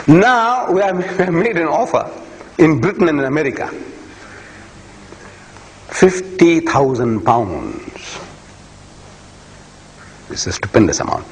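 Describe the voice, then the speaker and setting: A man giving an impassioned public lecture, emphatic and repeating phrases for force. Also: medium pitch. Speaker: speaker. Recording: echoey hall, faint ambience.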